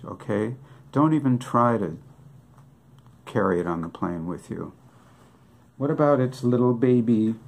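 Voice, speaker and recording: An older man talks through a comic monologue at an unhurried, deliberate pace. He delivers it with a wry tone, firing off rhetorical questions and then answering them himself. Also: medium pitch. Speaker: comic songwriter. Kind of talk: joking monologue with props.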